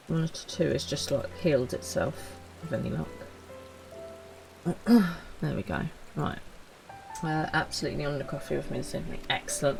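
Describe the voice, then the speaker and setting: A woman's voice: sits low, vocal fry, low-quality recording. A woman, chatting casually while streaming a game, full of self-mocking asides. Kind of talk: live game streaming chat.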